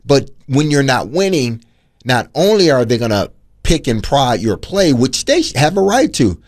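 Male sports radio co-host, opinionated and animated, lively pitch. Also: moderate pace. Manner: animated, opinionated, repeats words.

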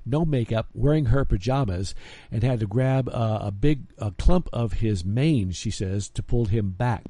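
Lively male radio host with a mellow voice. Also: medium pitch, dry recording. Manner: lively, animated delivery with filler "uh"s. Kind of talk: radio show storytelling.

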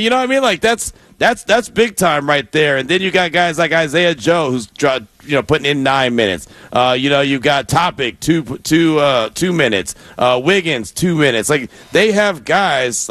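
A man hosting a sports radio talk show, reading listener messages and running segments with a smooth host delivery. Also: on the high side, animated, normal speed, few pauses, a bit bright, dry recording. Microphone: studio mic.

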